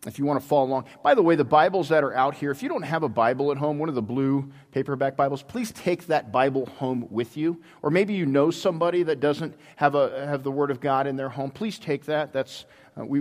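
Man preaching in an echoing church. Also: medium pitch. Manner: storytelling, halting restarts. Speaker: pastor. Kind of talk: sermon. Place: church sanctuary. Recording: long hall reverb.

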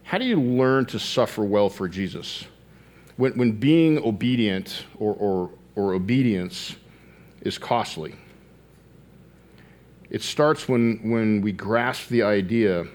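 A man preaching a sermon, earnest, slowing down to stress key phrases and rising in pitch as he tells a story. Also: darkish tone.

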